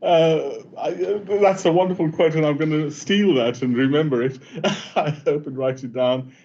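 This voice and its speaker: A man giving a halting academic seminar talk, full of fillers and restarts, over muffled online call audio. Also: fairly high pitch, creaky, dark tone. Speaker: invited speaker.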